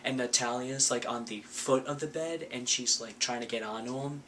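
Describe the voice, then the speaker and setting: A man's voice: medium pitch, moderate pace, bright, forceful tone, slight background noise. A man giving a casual, sarcastic recap of a movie, full of filler words. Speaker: vlogger.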